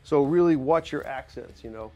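A man's voice: on the high side, normal speed, mellow, muffled recording, faint music behind. Middle-aged male drum teacher, casual and loose, studio clinic, faint instruments in the room. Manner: loose, conversational, many "you know" fillers. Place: recording studio.

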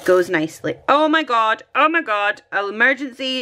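A woman's voice: mid-range voice, lively intonation, normal speed, few pauses, bright, forceful tone. A Scottish woman vlogging at home, chatting and thinking aloud while she decorates her planner, often poking fun at herself.

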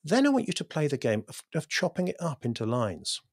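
Guy chatting in an interview, thinks out loud, restarts a lot, dead dry mic. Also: a little high, wildly swooping pitch, a little fast, slightly rough, no echo. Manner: thoughtful, with frequent restarts. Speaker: podcast guest, poet. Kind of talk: casual interview talk.

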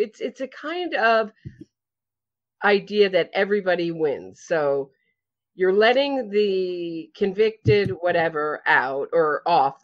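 New York woman on lo-fi audio. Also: medium pitch. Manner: chatty, explanatory, with restarts. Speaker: podcast guest. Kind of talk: casual podcast interview. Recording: slightly dull, lo-fi audio.

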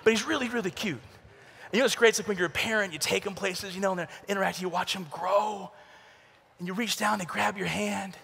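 A man with a high, bright voice tells stories to a youth conference, jumping from shouted impressions to hushed asides. His voice has a gravelly edge, and it rings out with the long reverb of a large arena. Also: brisk. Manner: animated storytelling, acts out voices with shouts and whispers. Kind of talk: humorous youth talk.

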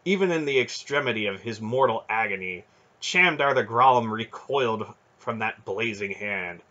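Male fantasy audiobook narrator, low husky voice, muffled lo-fi recording. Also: moderate pace. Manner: dramatic storybook narration, expressive. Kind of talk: fan audiobook reading.

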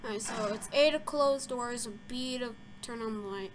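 Speaking at normal speed with a voice on the high side, this young gaming video creator gives casual let's-play commentary against background noise. She's easily startled and jumpy, letting out frequent gasps and squeals while rambling with plenty of fillers.

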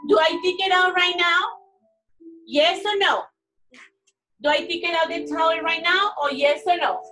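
A woman teaching young children in an online class, coaxing and praising them in simple, animated phrases. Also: very high-pitched, moderate pace, far from the mic, poor audio. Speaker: preschool teacher.

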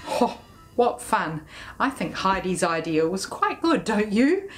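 A woman leading a children's music session, talking and singing in a playful sing-song way, sometimes dropping to a hushed whisper. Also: mid-range voice, very animated, slow pace.

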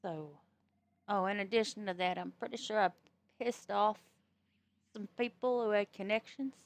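A woman's voice: mid-range voice, steady tone, moderate pace, no room sound. A woman from the US East Coast, streaming a roleplay game and chatting casually, blunt and profane in an easygoing way. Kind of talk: casual chat while playing a roleplay game.

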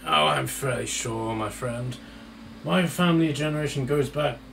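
A man voicing a gaunt, pale male half-elf noble shopkeeper with a hoarse voice, slow and courtly, heard on a distant mic with faint noise. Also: mid-range voice, a bit bright, pitched above the performer's own voice. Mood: oily.

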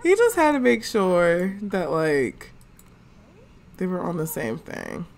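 Slow-talking chatty woman gamer. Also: on the low side, very animated, vocal fry, a little mellow. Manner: chatty, slangy, narrates characters' thoughts. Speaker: gaming channel host. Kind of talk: casual let's play commentary.

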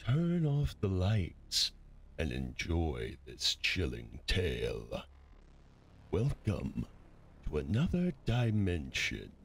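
Brief: horror-game announcer, ominous intro, lowest rumbling pitch, slow drawn-out delivery with gravel over faint noise. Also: male voice, wildly swooping pitch, full character voice. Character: deep-voiced male horror announcer.

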